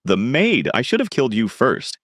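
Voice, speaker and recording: A man's voice: medium pitch, huge pitch swings, moderate pace, fairly bright tone, slightly rough, no room sound, studio quality, heavily acted. A man voicing a smug, cruel male gang boss who mocks his brother, in a storybook reading. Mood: mocking. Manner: mocking, cold.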